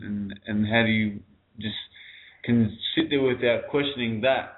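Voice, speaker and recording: A man's voice: mid-range voice, moderate pace. A man on a panel discussion, speaking in a conversational, questioning way. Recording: tinny phone-like audio.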